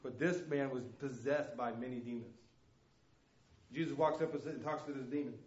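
A man's voice: medium pitch, moderate pace. A man preaching a sermon as a missionary, telling stories with passion, acting out voices and repeating words. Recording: echoey room, dull lo-fi sound.

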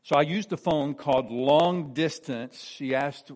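An older man in his sixties shares his personal testimony from the pulpit. His voice sits a little high for a man, and he tells the story earnestly. He sinks soft and low whenever he repeats what others said. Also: unhurried.

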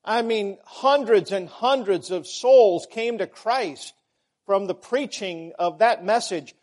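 A man preaching a sermon, measured and emphatic, repeating key words for stress. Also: high-pitched, a little mellow.

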